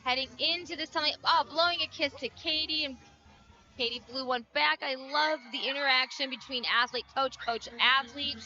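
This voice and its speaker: A woman's voice: high voice, normal speed, pushed and bright, faint music behind. A woman giving color commentary on a gymnastics meet, enthusiastic and chatty, with a muffled broadcast sound. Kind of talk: sports commentary.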